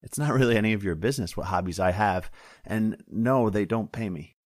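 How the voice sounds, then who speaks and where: A man reading the lines of a weary, grumpy middle-aged sheriff in a dry, gruff way. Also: fairly low pitch, fairly quick, darkish tone, no echo, close to an everyday voice.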